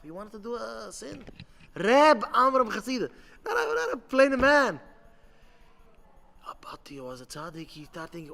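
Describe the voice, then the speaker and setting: Rabbi, high-voiced man, fervent sermon full of restarts, reverberant hall. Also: gravelly. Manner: impassioned, halting with many restarts, bursts into shouting.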